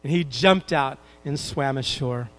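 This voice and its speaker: A man with a medium-pitched voice, recorded with no room sound, preaches a sermon. He quotes King James scripture with slow emphasis, gets the congregation to repeat verses, and slips in light humorous asides.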